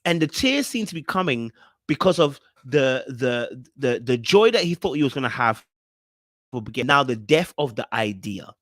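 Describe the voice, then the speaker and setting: Reviewing a reality show on his podcast, a young host speaks with a sing-song lilt at normal speed, his medium-pitched voice slightly bright. The studio sound is clean and echo-free as he rolls through an emphatic, casual monologue, checking in with listeners often.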